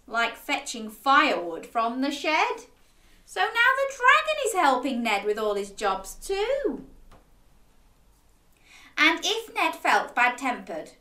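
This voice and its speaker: Woman, children's storyteller, animated picture-book reading, interactive, slow, bright, echoey room. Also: a little high. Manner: animated, interactive, asking listeners to join in.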